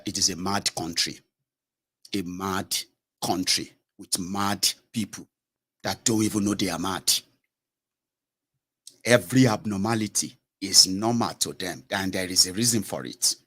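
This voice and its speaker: A man's voice: lowish voice, unhurried, fairly bright tone. A man delivering a blunt political commentary monologue with many hesitations.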